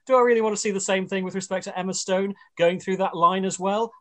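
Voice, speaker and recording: A man's voice: sits high, steady tone, fast talker. Rambling male radio host. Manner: rambling, with many fillers and restarts. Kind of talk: casual panel chat.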